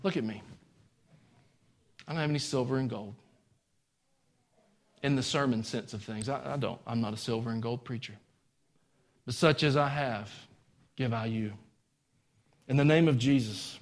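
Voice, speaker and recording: A man preaching a sermon in a folksy way, rising to high exclamations. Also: normal speed, pauses often.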